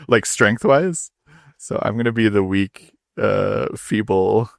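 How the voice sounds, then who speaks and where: A man's voice: fairly low pitch, slow pace, gravelly, dry recording, studio quality. A man playing in a tabletop game, laid-back and joking with the group. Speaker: player. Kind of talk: casual tabletop game chat.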